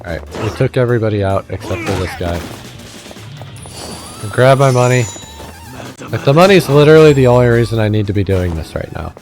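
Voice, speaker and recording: Casual gamer man, frank and unhurried. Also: medium pitch, over music. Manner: relaxed, frank, swears, many filler "uh"s. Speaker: let's play host. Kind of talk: casual gameplay commentary.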